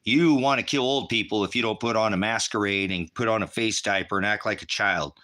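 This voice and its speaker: Middle-aged guy ranting, swears a lot, bright sharp voice, goes off on tangents. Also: lowish voice, brisk. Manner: rambling, combative, swearing. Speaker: online ministry host. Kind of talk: profane ranting monologue.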